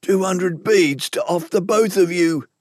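A scared young thug, voiced by a man in a storybook reading, pitched high and pleading in rough, broken slang. His voice swoops and shakes as he begs, recorded dry and close. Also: expressive, slow pace, no echo, heavily acted. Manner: pleading, stammering, rough talk. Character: frightened young male hired thug.

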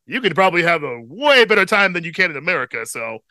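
A man in his thirties co-hosting a casual podcast chat, relaxed and profane, with a slight tickle in his throat. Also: high voice, fast talker, no room sound. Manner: laid-back, profane, chuckles often. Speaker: podcast co-host.

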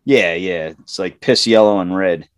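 A man's voice: deep voice, moderate pace, smooth, no echo. A man in casual chat, telling a profane work story and acting out the people in it. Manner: profane, animated storytelling, acts out quotes in raised voices.

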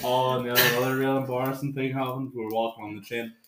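A Northern Irish man in his twenties co-hosts a casual podcast, speaking at a medium pitch with a flat, quick delivery. He tells long, rambling, laughing anecdotes full of "like", and the recording sounds roomy with heavy background noise.

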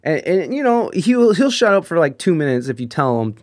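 A man tells rambling, profane stories about the people he deals with at work, often breaking into laughter. His voice sits fairly high for a man. The sound is dry and close, with no room echo. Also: sing-song, a little fast. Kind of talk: casual storytelling.

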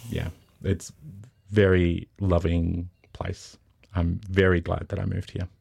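A man's voice: low voice, slow pace, creaky, breathy edge, no echo, clean studio sound. A man with an Australian accent, a festival co-director, telling personal stories in a casual interview and acting out the quoted voices. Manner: animated anecdotes, acts out quotes.

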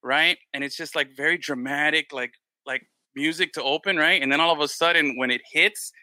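Bright, lively-storytelling man. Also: a little high, fairly quick, dry recording. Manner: animated storyteller, swears freely, acts out quoted voices. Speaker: podcast host. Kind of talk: casual chat.

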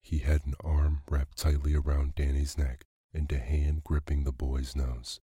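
A man calmly reading a children's story aloud as a bedtime narrator, close to the mic. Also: very deep voice, a little slow, husky, no room sound.

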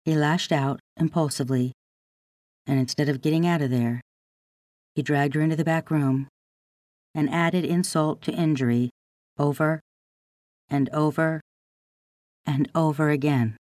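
A podcast host reading a scripted true-crime narration in a measured, deliberate way. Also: medium pitch, fairly even intonation, a little mellow, no room sound, clean studio sound. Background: faint guitar music.

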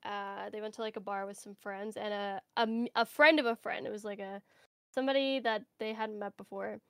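A woman's voice: medium pitch, steady tone, a little fast, creaky, fairly bright tone, clear, resonant tone, dry recording, clean studio sound. A woman chatting casually on a podcast, reacting with laughs and starting her own story. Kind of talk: casual chat.

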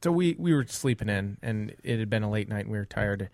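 A man in his thirties telling a story in casual podcast chat, animated and laughing often. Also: lowish voice, brisk, a crowd in the background.

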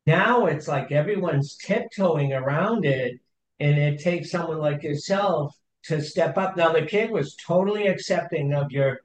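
A middle-aged man hosting a conversational interview, speaking in a thoughtful, measured way with pauses. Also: a little high, slight background noise. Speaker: host. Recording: echoey room.

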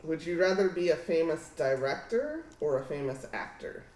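Playful guy, voice a bit high, laughs a lot, roomy echo and noisy background. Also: expressive, moderate pace, a little mellow. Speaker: podcast co-host. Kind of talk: casual chat. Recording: echoey room with noise.

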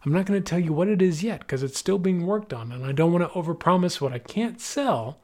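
A man's voice: sits high, animated, brisk, darkish tone. A man running an improvised tabletop game as game master, narrating with playful energy.

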